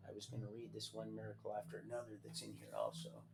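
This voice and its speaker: A man's voice: lowish voice, big pitch swings, fast, gravelly. A man telling his own life story on a livestream in a casual, rambling way, often restarting sentences and reading a document aloud.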